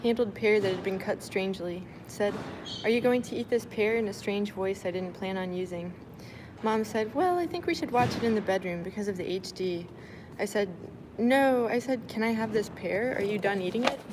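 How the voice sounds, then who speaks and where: A woman on a live stream, reading her diary entries aloud in a flat, deadpan way with casual asides. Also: medium pitch, moderate pace, background noise. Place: moving between venues and a car.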